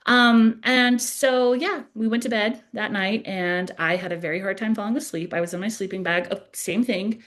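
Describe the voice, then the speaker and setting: A young adult woman hosting a podcast, telling a personal story in a casual, animated way, laughing at herself often. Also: medium pitch, moderate pace, few pauses.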